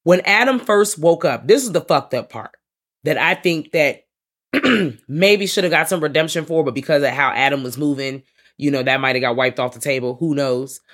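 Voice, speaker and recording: A man co-hosting a podcast, recapping horror films in casual, animated chat full of slang and swearing. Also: fairly high pitch, moderate pace. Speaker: podcast co-host.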